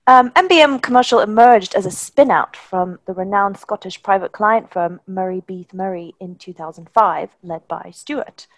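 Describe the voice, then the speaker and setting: A woman's voice: medium pitch, moderate pace, hardly any pauses, dry recording. German woman co-hosting, polished. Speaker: podcast co-host, lawyer. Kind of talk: prepared podcast talk.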